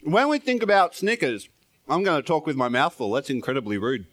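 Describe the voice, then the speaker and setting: Playful, lively-voiced male pastor. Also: on the high side, a little fast. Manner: playful, chatty, laughs often, self-deprecating. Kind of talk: informal sermon. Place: church.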